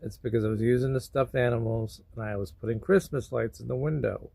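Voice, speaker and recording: A man vlogging about feeling sad and sleepy, talking in a slow, rambling way with sudden loud bursts. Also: medium pitch, fairly even intonation, creaky, no room sound. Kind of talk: emotional personal vlog.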